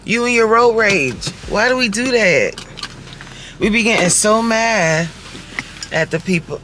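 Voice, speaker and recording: A woman in her forties, a fitness coach vlogging casually from her car, talking straight to viewers with lively rhetorical questions. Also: medium pitch, slow. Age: 40s. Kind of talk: casual chatty vlog while driving. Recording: faint car noise in background. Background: faint road and vehicle noise.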